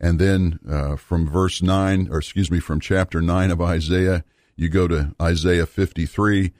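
A man teaching a Bible study series in an earnest, measured way, pausing with fillers and repeating words for emphasis. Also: low voice, fairly even intonation, darkish tone, no echo, studio quality.

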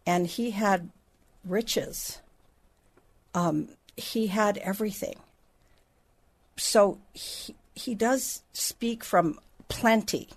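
Woman, middle-aged, Bible teaching, unhurried delivery, chatty asides, podcast. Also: mid-range voice. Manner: slow, conversational teaching with restarts and asides.

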